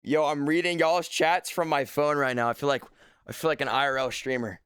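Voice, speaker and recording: A man's voice: fairly high pitch, steady tone, brisk, fairly bright tone, clean tone, dry recording, clean studio sound. A young man hosting a casual livestream, joking and playfully mock-serious, talking from a few feet back from his desk mic at his home setup. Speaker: livestream host.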